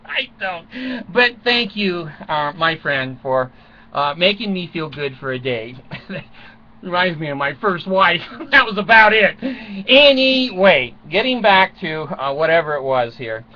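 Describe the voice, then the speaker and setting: A man's voice: sits high, animated, slow, bright, forceful tone, lo-fi sound, a little hiss or hum. An older man rambling through a crude, self-mocking comic monologue from a small closet at home, chuckling often. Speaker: vlogger.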